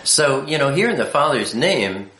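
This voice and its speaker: A man teaching and explaining letters patiently, with a halting delivery full of fillers. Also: mid-range voice, very animated, pushed and bright, roomy sound. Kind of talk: unscripted teaching talk.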